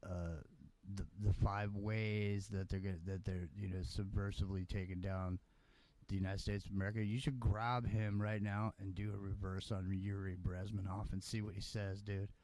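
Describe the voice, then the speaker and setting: Low, flat-toned laid-back male co-host, slangy. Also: moderate pace, dry recording. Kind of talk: casual chat.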